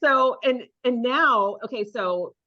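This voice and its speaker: A woman's voice: a little high, slow. A woman hosting a podcast, chatting in an affirming way and using lots of "like"s. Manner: warm, affirming, chatty with many "like"s. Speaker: podcast host. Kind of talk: casual interview conversation. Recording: slightly dull lo-fi audio.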